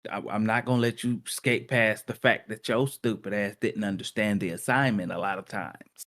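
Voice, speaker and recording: A man's voice: on the low side, steady tone, normal speed, a bit bright. A man co-hosting a reaction stream, chatting loosely and joking about a story. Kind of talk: casual reaction chat.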